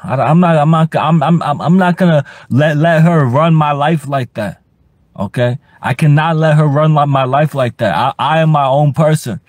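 Profane, stammering young man ranting. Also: no room sound. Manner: profane and rambling, stutters and repeats himself; bursts into high-pitched shouting. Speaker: livestream host. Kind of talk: casual livestream rant.

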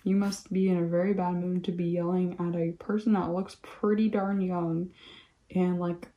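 A woman's voice: on the low side, moderate pace, muffled recording. A young woman chatting casually while crafting, rambling with lots of "like" and acting out quotes as she tells stories. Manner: rambling, peppered with "like", animated retelling of quotes. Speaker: craft vlogger. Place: home craft room.

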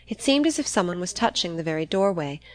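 A woman narrating a classic novel in a measured, even reading. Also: fairly low pitch. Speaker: audiobook narrator.

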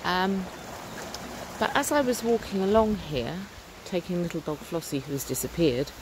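A woman's voice: on the low side, normal speed, noisy background. Upbeat woman vlogging on a walk. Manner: earnest, upbeat, chatty with fillers. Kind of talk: walking vlog, casual talk to camera. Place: outdoors on a rural lane by a stream. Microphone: phone or camera held while walking.

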